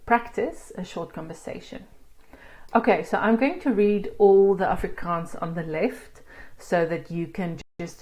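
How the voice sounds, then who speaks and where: A woman's voice: lowish voice, darkish tone. A woman teaching an online language lesson, explaining step by step in a patient, encouraging way. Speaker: Afrikaans teacher.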